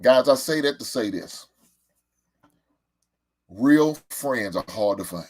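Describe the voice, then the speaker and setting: A man hosting a casual talk show. He talks in a loose, emphatic and profane way, at a middle pitch for a man. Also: lively intonation, slow pace, darkish tone. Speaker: show host.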